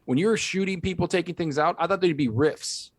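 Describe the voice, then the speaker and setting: A man chats on a gaming podcast at a quick clip, his voice sitting a little high. He is animated and often slips into mock quotes of others. The sound is dry and close to the mic. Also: dry recording. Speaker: podcast co-host. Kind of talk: casual chat.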